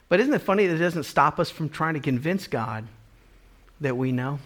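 A man's voice: a little high, expressive, normal speed, a bit bright. A man preaching a sermon, earnest, stumbling into repeated restarts and building emphasis as he speaks. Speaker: pastor.

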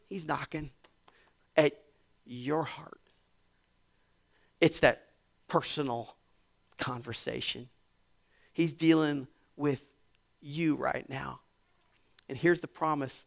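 A male pastor delivers a sermon in a somewhat raised, gravelly voice. He sinks into hushed, almost whispered passages, then stacks repeated phrases into loud, rising crescendos. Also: a little high, moderate pace. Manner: repetitive emphatic build-ups.

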